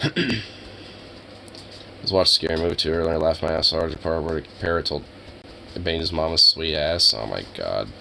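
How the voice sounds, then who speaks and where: A man's voice: a bass voice, lively intonation, normal speed, gravelly, long pauses, bright, forceful tone, slight background noise, rough recording. A young man streaming live, chatting casually with his viewers in a rambling, joking way full of filler words.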